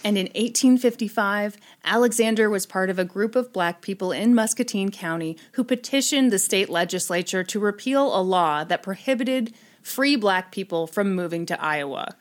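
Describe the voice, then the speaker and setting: A woman's voice: mid-range voice, moderate pace. A woman hosting a chat show, telling a history story in a casual, irreverent way with frequent swearing and laughter.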